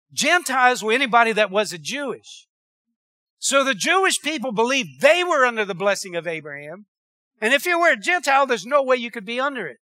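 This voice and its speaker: A man's voice: very high voice, bright, forceful tone, no room sound. A man preaching a sermon, telling stories and calling out for amens. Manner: preacherly, calls for amens, conversational storytelling. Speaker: pastor.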